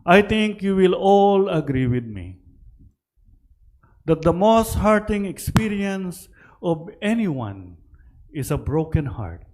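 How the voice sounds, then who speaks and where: A priest preaching a sermon in church, switching between Tagalog and English with lively, rising emphasis. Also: fairly high pitch.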